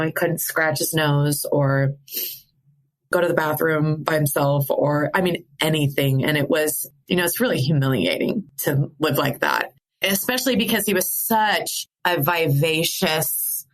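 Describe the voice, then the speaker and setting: A middle-aged woman from the American Midwest, appearing as a podcast guest, speaks in a low voice about a personal story of grief. She is candid and animated, laughing through the sadness.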